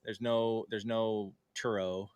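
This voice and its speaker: A man's voice: lowish voice, little pitch movement, takes it slowly, a little mellow, smooth, dry recording, highs cut off. A man who is a guest on a podcast, telling a story in a casual way and acting out quoted dialogue in livelier tones. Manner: conversational, with frequent fillers and self-corrections.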